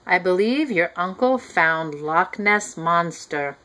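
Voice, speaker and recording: A brisk, kind librarian from a picture book, read by a woman in her own voice. She speaks in a slow, matter-of-fact way. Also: fairly low pitch, animated, bright, forceful tone, full character voice, low-quality recording.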